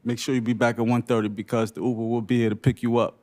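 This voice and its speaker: A man's voice: mid-range voice, little pitch movement, a little mellow. Earnest man giving emotional personal testimony. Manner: earnest, emotional, speaks in short halting phrases. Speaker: panelist sharing lived experience. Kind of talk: unscripted personal testimony at a briefing.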